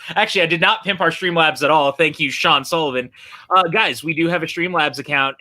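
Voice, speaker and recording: Guy hosting a movie watch-along, super bright tone, just chatting along. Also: fairly high pitch. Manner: chatty, reads viewer chat aloud. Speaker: podcast co-host.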